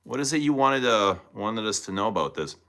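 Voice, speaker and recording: A man's voice: on the low side, expressive, fairly quick, fairly bright tone. A man hosting a casual live stream, chatting and thinking aloud as he unboxes and tries scents, talking to viewers by name. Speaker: livestream host reviewing fragrances.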